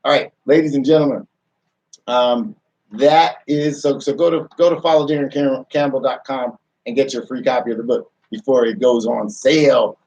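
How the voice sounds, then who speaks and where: A man's voice: mid-range voice, fairly even intonation, moderate pace, darkish tone, distant mic, lo-fi sound. A man hosting a motivational radio show, firing off rhetorical questions and repeating phrases as he restarts sentences.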